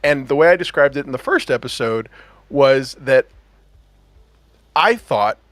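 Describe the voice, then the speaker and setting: Male podcast host, casual and excitable, very expressive intonation. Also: mid-range voice, measured pace, no room sound. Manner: animated, laughs often, enthusiastic. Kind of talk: casual chat.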